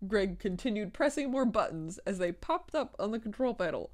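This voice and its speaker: Woman podcast host, casual reading, mid-pitched voice, cursing, mocking her own old writing. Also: lively intonation, moderate pace, hardly any pauses. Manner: swears often, laughs at her own writing, mock-outraged asides.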